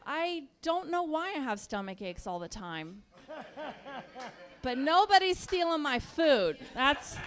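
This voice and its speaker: A woman's voice: high-pitched, big pitch swings, takes it slowly. A woman from Texas doing a stand-up comedy set in a comedy club, telling stories and acting out quoted voices on a handheld stage mic. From born in Texas, raised Midwest and Washington. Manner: storytelling, acts out quoted voices.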